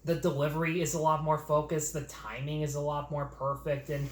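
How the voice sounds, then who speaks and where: A man's voice: a little high, flat delivery, brisk. Opinionated man chatting casually about movies. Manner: opinionated, rambling, fillers like "like". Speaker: podcast co-host. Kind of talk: casual film chat. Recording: roomy echo, faint noise.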